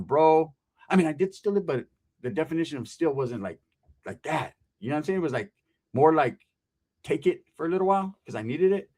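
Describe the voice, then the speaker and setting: A man telling a profane, streetwise story in casual talk and acting out the people in it. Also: fairly high pitch. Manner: animated, streetwise, acts out the people he quotes.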